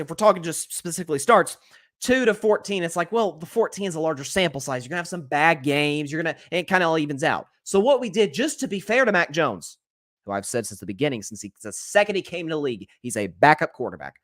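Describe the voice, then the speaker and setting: A male sports show host talking through his takes alone, opinionated and animated. His voice sits fairly high for a man and swings widely in pitch as he pushes his points. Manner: animated, opinionated, talks fast with restarts. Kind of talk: solo sports commentary.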